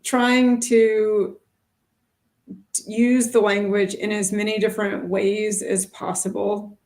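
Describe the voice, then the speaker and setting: A middle-aged woman chatting casually as co-host of a teaching livestream. Her voice sits at a middle pitch with a gravelly fry, and she talks in loose, meandering sentences full of fillers. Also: level tone, takes it slowly, darkish tone. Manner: chatty, thinks aloud with many fillers.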